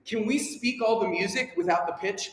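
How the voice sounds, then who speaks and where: High-voiced, teasing choir director. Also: male voice, normal speed, a little hiss or hum. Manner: upbeat and teasing, counting in and coaching singers. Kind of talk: choir rehearsal instruction. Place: large rehearsal room. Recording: echoey rehearsal hall, long reverb.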